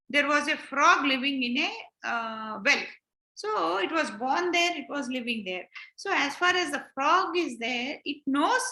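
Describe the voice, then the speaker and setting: Woman teaching children scripture; bright, high, explains by asking questions. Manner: explanatory, repetitive rhetorical questions. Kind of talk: spiritual lesson. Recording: roomy echo.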